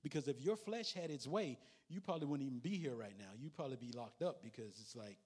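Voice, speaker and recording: Husky-voiced folksy male preacher. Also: medium pitch, animated, quick pace, hardly any pauses, a little mellow. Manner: folksy, conversational preaching with asides to the congregation. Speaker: pastor. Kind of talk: sermon.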